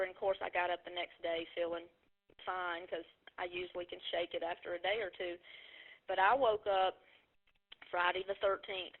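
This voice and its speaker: A woman's voice: medium pitch, creaky. A woman giving a personal testimony about her network marketing business on a conference call, telling it earnestly with many "you know" fillers. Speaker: network marketing distributor sharing her story. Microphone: telephone. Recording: tinny phone line.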